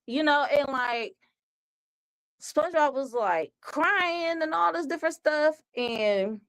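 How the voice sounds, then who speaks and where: A woman's voice: high-pitched, animated, slow, fairly bright tone, rough recording. A woman hosting a web talk show who rambles conversationally, padding her thoughts with "like" and "you know".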